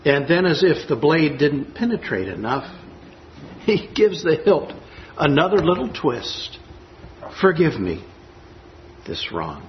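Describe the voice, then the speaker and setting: A man's voice: on the high side, animated, measured pace, lo-fi sound, a little hiss or hum. A man preaching a sermon, earnest and emphatic as he reads scripture and reflects on it. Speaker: pastor.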